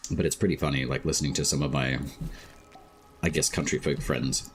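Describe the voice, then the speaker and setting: An Australian man chatting casually while streaming a game, talking slowly and laid-back with many filler words. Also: extremely low pitch, fairly even intonation, slight background noise. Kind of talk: casual live-stream chat.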